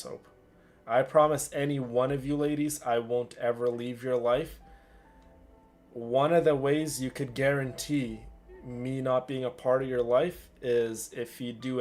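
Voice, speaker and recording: A man's voice: mid-range voice, a little mellow. A man streaming, talking to his viewers in a heartfelt, stammering way, sounding worn out. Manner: stammering, heartfelt, repeats himself. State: tired. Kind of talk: emotional livestream chat with viewers.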